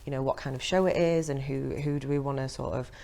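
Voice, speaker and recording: Woman, low voice, halting chatty guest, many fillers, radio chat. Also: fairly even intonation, gravelly, dark tone. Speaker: theatre front of house coordinator, guest.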